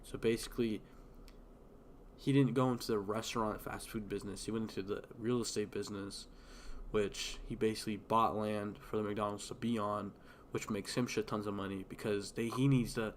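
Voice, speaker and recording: A man's voice: lowish voice, a little hiss or hum. Rambling, cursing young man streamer. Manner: rambling, swearing, lots of fillers and restarts. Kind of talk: casual rambling chat while gaming.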